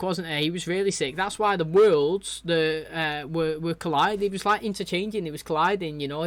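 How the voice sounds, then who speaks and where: Excitable man chatting in a dry room. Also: fairly high pitch, dry recording. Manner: rambling and excitable, lots of fillers and "you know". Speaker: reaction video host. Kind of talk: casual chat reacting to a TV episode.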